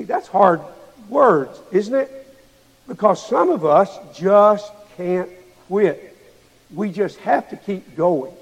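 A man preaching a sermon to a congregation, asking them rhetorical questions as he goes. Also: sits high. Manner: asks the listeners rhetorical questions. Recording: long hall reverb.

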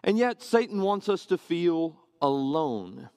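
Male preacher, sermon, somewhat high voice, earnest, rhetorical questions, dry close sound. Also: very animated, slow pace, darkish tone, smooth, no echo.

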